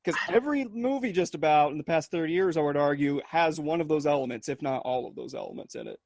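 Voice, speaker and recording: A man co-hosting a podcast, chatting casually and telling animated stories with plenty of swearing. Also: on the high side, quick pace, no room sound, clean studio sound. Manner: swears freely, animated storytelling. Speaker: podcast co-host. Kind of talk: casual chat.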